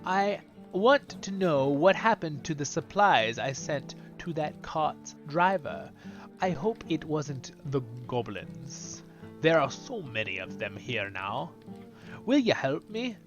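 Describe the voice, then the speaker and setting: A man voicing an anxious game merchant with a put-on Southern American accent, reading haltingly. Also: a little high, lo-fi sound. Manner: halting read-aloud quest text. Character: anxious male merchant missing his supply cart.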